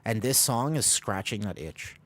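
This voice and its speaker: A man's voice: fairly low pitch, lively intonation, moderate pace, a bit bright. A man chatting casually to viewers while streaming a game, rambling and joking about himself. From United States. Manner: rambling, self-deprecating, jokey asides to chat. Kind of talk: casual gaming stream chat.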